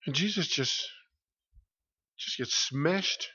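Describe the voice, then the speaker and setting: A man's voice: on the high side, moderate pace, long pauses. Impassioned preacher man, muffled recording. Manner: impassioned, swings from hushed to loud, repeats phrases. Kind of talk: sermon.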